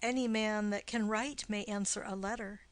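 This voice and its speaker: A woman's voice: mid-range voice, steady tone, close to an everyday voice. A woman reading a mocking young nobleman. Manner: quick, punning banter. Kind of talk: audiobook reading of a play.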